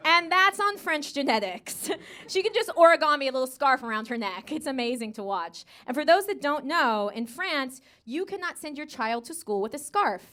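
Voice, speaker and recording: An American woman in her thirties works a live comedy stage on a handheld mic. Her voice sits high and bright, with a bold pitch that leaps up and down. She is brassy and sassy, chuckles at her own punchlines, and slips into voices. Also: expressive, moderate pace. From United States. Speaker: stand-up comedian.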